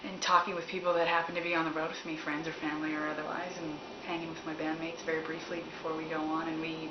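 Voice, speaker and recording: A woman's voice: low-pitched, monotone, quick pace. A woman from Canada, a musician, answering fan questions in a rambling, candid way and laughing often. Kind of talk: casual chat. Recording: roomy, dull, noisy recording.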